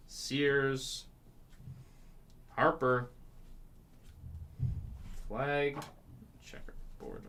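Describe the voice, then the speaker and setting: A man's voice: mid-range voice, fairly bright tone, a little hiss or hum. A man hosting a live card break, listing player names and chatting with viewers about sports betting. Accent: North Carolina.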